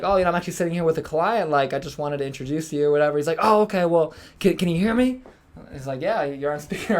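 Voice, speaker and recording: A young man hosting a podcast, telling a story in casual chat, acting out quotes and swearing freely. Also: on the high side. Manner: fast, animated, swears freely, acts out quotes. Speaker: podcast host.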